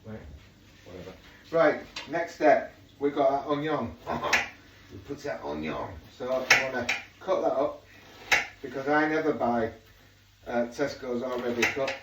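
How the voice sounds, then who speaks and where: This home cook vlogger from Yorkshire, England, speaks with a Yorkshire accent in a medium-pitched voice at a moderate pace, with long pauses. He chats casually while cooking in his kitchen and wanders into jokey asides. The kitchen is echoey, the mic sits far off, and the audio is noisy.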